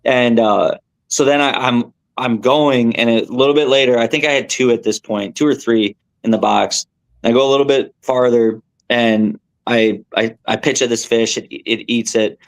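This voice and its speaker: Gravelly young man telling a fishing story. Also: medium pitch, normal speed. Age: young adult. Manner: animated, rambling, lots of fillers and self-corrections. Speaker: tournament angler guest. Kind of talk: casual storytelling on a podcast.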